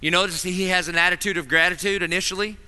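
A man preaching a sermon with a high, very bright and sharp tone, lively and theatrical as he acts out small scenes. His voice rings with the long reverb of a big chapel hall. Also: fast, clear, resonant tone. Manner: animated, acts out voices in stories.

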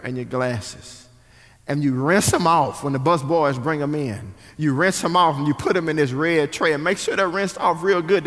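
A man, preaching an animated storytelling sermon to his congregation. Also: on the high side. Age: 40s. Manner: animated, acts out quotes, speaks to the crowd. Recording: hall reverb.

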